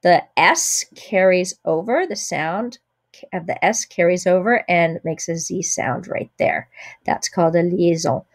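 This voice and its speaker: A middle-aged woman with a fairly low voice teaches French pronunciation in English. She explains patiently and slows down to model each French word clearly. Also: animated. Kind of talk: spoken language lesson.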